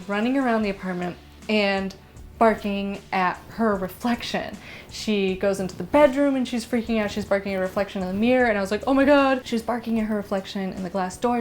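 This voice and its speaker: A young woman vlogger telling a story to camera in a casual, animated way, rushing through quick asides. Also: mid-range voice. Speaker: vlogger and dog owner.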